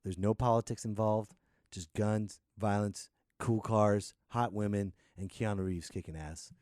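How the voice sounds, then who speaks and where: A man from the United States hosting a solo comedy podcast: an animated rant, laughing often and slipping into voices. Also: fairly low pitch, unhurried, dry recording, studio quality. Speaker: podcast host.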